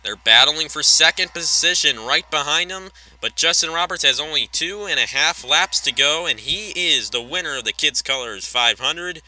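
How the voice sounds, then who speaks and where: A man calling a race play-by-play, quick and chatty, often correcting himself mid-sentence and wandering into offhand asides. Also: medium pitch, sharp tone, low-quality recording. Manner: rapid call with self-corrections and chatty asides. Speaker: race commentator.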